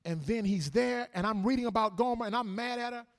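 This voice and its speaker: A man preaching a sermon, swinging between shouted, sing-song emphasis and quiet, conversational asides. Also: sits high, fast, few pauses.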